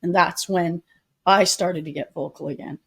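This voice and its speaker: A woman's voice: on the low side, steady tone, moderate pace, a bit bright, slightly rough. A middle-aged woman, a podcast guest, earnestly telling a personal story and acting out the people she quotes. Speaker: podcast guest, public advocate. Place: retreat venue.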